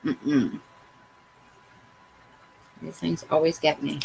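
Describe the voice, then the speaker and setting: A woman with a fairly low voice and vocal fry hosts a crafts tutorial, speaking slowly in a sing-song way and pausing often. She chats casually, narrates to herself as she works, and mocks her own mistakes, with background noise present.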